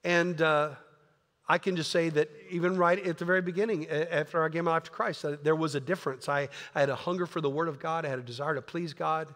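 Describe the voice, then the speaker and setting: A man's voice: on the high side, steady tone, fast, a bit bright, in a large hall. A man pastor preaching a sermon in an earnest, conversational way, often repeating words. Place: church sanctuary.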